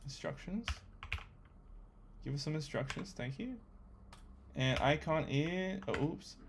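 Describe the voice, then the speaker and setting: A young man talking to himself while coding, thinking aloud with excitable, chatty commentary. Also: a little high, slow pace, creaky, background noise. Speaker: coding vlogger. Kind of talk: casual screen-recorded coding commentary.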